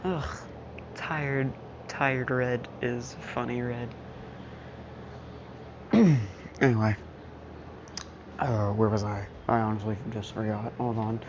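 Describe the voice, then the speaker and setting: A woman's voice: extremely low pitch, slow, long pauses. A woman casually telling a fan story, slangy and self-mocking, often losing her train of thought. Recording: muffled lo-fi mic, steady background noise.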